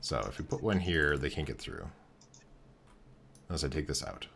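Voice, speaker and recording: Deep-voiced man narrating his game build. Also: creaky, a little hiss or hum. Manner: thinking aloud, relaxed, halting with fillers and restarts. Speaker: game streamer. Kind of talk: casual commentary while building in a game.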